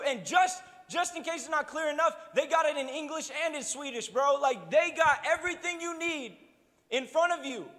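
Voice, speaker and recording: A man's voice: extremely high pitch, normal speed, pushed and bright. A young adult man preaching a sermon as pastor, casual and humorous, with joking asides to the congregation. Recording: long hall reverb.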